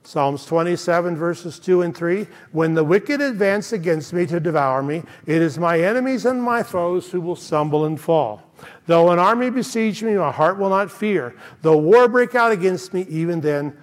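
A middle-aged man preaching with earnest, emphatic conviction. His voice sits high for a man. The sound carries a long reverb, as if he is speaking in a church sanctuary. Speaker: pastor. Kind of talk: sermon.

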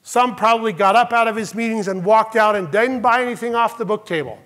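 A man's voice: sits high, brisk, a bit bright. A man preaching a sermon as pastor to his congregation, emphatic and stressing each phrase. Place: church sanctuary with congregation.

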